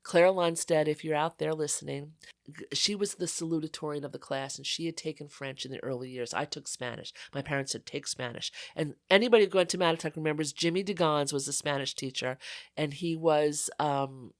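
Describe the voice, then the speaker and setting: An older woman from Long Island's North Fork, a podcast guest telling rambling, animated stories about her school years with many restarts. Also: low-pitched, fairly quick, no echo, studio quality. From North Fork of Long Island, New York. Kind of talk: reminiscing conversational interview.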